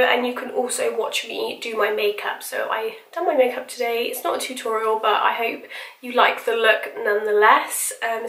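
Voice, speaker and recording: A woman's voice: on the high side, reverberant, far from the mic. A woman in her twenties from England, chatting casually as she does her makeup on camera. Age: 20s. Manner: chatty, informal, with slang like "bloody hell" and "reckon". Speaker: makeup vlogger. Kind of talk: casual get-ready-with-me chat.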